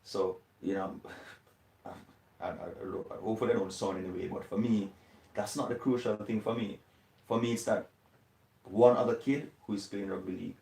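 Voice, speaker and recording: A man's voice: lowish voice, steady tone, moderate pace, vocal fry, dark tone. A man from Jamaica answering interview questions, thoughtful and hesitant with many fillers. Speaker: interview guest. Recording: echoey room, distant from mic.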